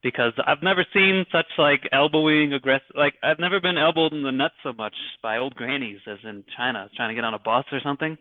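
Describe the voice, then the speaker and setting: Casting: male podcast guest, halting and crude, over a thin phone-like line with no room sound. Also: medium pitch, dry recording. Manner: halting, many restarts, crude swearing. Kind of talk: casual podcast chat. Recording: dry, phone-like call audio.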